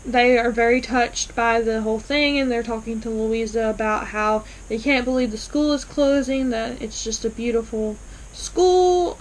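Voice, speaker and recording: A woman's voice: a little high, a little hiss or hum, low-quality recording. A woman casually recapping and reacting to a TV episode, enthusiastic and full of fillers as she retells scenes. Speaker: TV episode reviewer.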